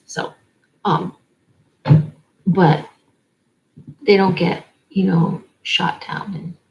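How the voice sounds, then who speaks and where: A woman's voice: lowish voice, creaky, a little mellow, low-quality recording. A woman giving an oracle card reading in a rambling way, stringing words together in long lists. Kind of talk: spiritual card-reading monologue.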